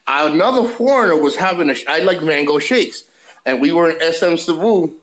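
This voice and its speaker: Male vlogger, slightly high voice, rambling animated storyteller who swears freely. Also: fairly quick, rough recording. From USA. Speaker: vlogger telling a travel story. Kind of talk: casual storytelling.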